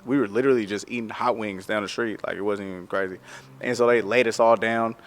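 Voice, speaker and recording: A man who works as a tattoo artist, telling a story in a casual, animated way, full of slang and "like". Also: lowish voice, fast talker, big-room sound.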